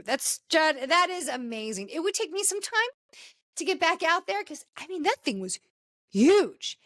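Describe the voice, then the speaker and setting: High-voiced woman telling stories on a podcast. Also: moderate pace, no echo. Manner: animated storytelling, exclaiming often. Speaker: podcast host. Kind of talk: casual podcast chat.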